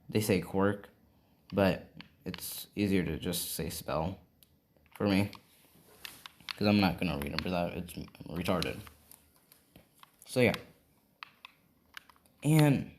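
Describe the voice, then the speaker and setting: A man's voice: low voice, sing-song, slow, pauses often, darkish tone, a little hiss or hum. A man improvising a fan story aloud, rambling and adding "right?" after many lines. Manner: rambling, full of fillers and "right?".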